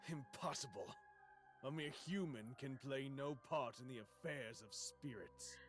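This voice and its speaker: A woman voicing a proud male spirit who scorns humans, speaking in a hushed, commanding tone. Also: rumbling low, unhurried, faint music behind, pitched below the performer's own voice. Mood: cold.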